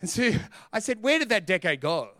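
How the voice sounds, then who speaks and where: A middle-aged man, preaching a sermon as pastor in an energetic, joking, emphatic way. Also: high-pitched, fairly quick, no room sound, studio quality.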